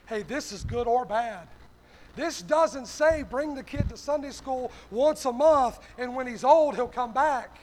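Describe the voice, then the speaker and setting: A man's voice: very high voice, unhurried, darkish tone, slight background noise. A male pastor preaching a sermon, punching his lines with a repeated "hey".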